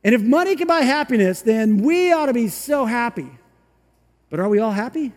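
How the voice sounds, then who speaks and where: Male pastor, very high voice, conversational preaching with acted-out asides, long church reverb. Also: expressive, normal speed. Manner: conversational, acts out little voices, shouts of "woo". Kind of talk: sermon. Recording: long reverb from a large room.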